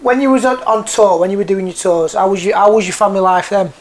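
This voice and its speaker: A man interviewing a guest, prompting with halting, restarting questions. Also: high voice. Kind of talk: casual interview.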